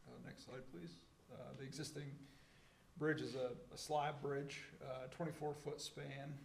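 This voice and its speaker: A man presenting at a public meeting, slow and hesitant with frequent fillers. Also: medium pitch, little pitch movement, vocal fry, reverberant, slight background noise. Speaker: engineer presenting.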